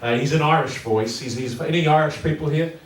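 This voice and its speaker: A man's voice: fairly high pitch, brisk, background noise. A man doing stand-up comedy, playful and chatty, laughing often and quizzing his audience. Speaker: guest comedian. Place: community hall. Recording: echoey hall, far mic, audience.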